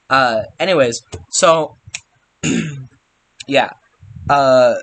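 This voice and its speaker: Rambling young man with a bright voice. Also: fairly high pitch. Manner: rambling, sarcastic, frequent mild swearing substitutes. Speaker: youtuber recapping a film. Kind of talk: casual comedic movie recap.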